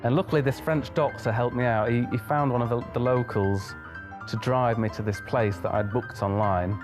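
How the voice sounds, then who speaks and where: A man's voice: mid-range voice, steady tone, normal speed, music in the background. A young man, a pianist being interviewed, chatting through a travel story and acting out the dialogue in it.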